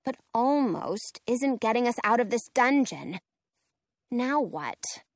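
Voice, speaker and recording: Woman, children's story narration, playful asides, high pitch, very lively, unhurried, dry close sound. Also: no room sound. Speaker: audiobook reader.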